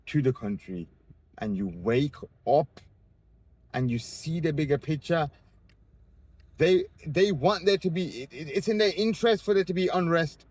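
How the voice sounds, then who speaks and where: A young street interviewee delivers a ranting on-camera monologue outdoors in the city, swearing and combative. His fairly high voice has lively intonation and a measured pace, punctuated by rhetorical questions, sarcastic asides, and mocking voices.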